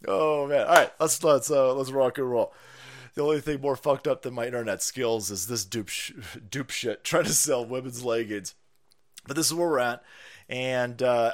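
A man hosting a livestream, ranting through profane political commentary and laughing often. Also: medium pitch. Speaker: livestream host.

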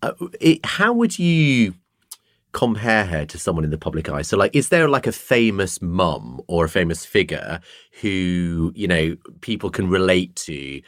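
A man's voice: low-pitched, sing-song, a little slow, a bit bright, dry recording, studio quality. A male host interviewing a comedian, asking playfully probing questions with a wry tone. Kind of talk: casual podcast interview.

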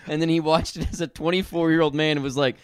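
A man's voice: on the high side, little pitch movement, fast, clear, resonant tone, no echo. A man co-hosting a casual comedy podcast about movies, with dry, sarcastic, understated delivery. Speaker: podcast co-host.

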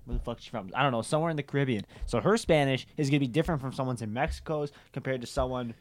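A man's voice: medium pitch, very fast, dry recording. A young man from the States in a casual podcast chat, crude and joking, blurting out answers. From United States. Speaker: podcast co-host.

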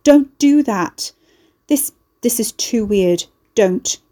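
A frazzled young woman at her wits' end, voiced by a woman pitched higher than the narration and louder. The timbre stays mellow and warm even while she is tense and exasperated. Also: normal speed, lightly acted. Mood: frantic. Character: stressed, broke young woman homeowner.

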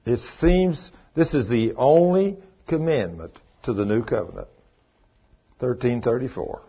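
A man's voice: expressive, unhurried, breathy edge. A man preaching a sermon, telling a story in a folksy way and acting out the voices of the people in it. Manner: folksy storytelling, voices others in high falsetto. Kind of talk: sermon with acted-out dialogue. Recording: dull lo-fi sermon recording.

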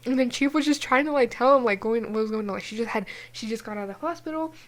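A young woman from New Mexico tells a personal story on a casual podcast, her voice sitting a bit high. She talks in an animated rush, full of filler words and cursing. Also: fast. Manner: animated, swears often, many fillers. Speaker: podcast co-host.

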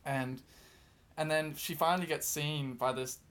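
A man's voice: on the high side, steady tone, a little slow, a bit bright. Rambling man telling a story. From outside Britain. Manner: rambling, many fillers and restarts, self-deprecating. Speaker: guest storyteller. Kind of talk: casual podcast chat, telling a story.

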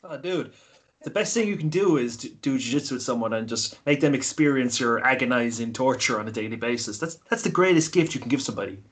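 A man's voice: mid-range voice, fast talker. A man in his early twenties in casual podcast chat, rambling and swearing freely as he tells stories. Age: 20s. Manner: swears a lot, rambling and animated.

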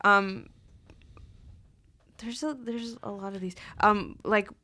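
A woman's voice: mid-range voice, fairly even intonation, slow pace, bright, forceful tone. A young woman guesting on a podcast, talking candidly and with opinions. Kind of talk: casual chat.

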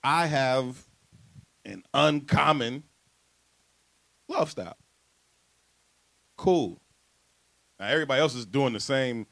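A man's voice: mid-range voice, takes it slowly, gravelly, long pauses, fairly bright tone. A man co-hosting a casual podcast, speaking in with a laid-back, reflective manner and frequent restarts. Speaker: podcast co-host.

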